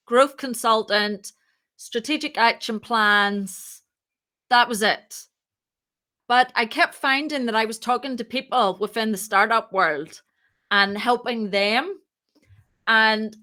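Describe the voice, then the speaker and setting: A woman founder talks on a podcast with a bright, clear, somewhat high voice. She tells her story casually and with energy, and slips into the voices of the people in it. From moved to Ireland. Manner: lively, acts out quoted dialogue. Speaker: podcast guest, startup founder.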